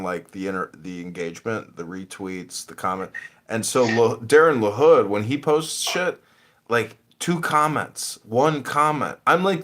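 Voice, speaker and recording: A man hosting a podcast in casual, profane chat, mocking and animated. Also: lowish voice. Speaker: podcast host.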